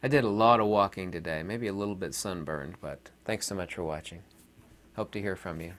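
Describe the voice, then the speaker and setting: A man rambling to camera in a casual monologue, pausing often on fillers and trailing off quietly. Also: low voice, slight background noise. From Southern United States. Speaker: video commentator.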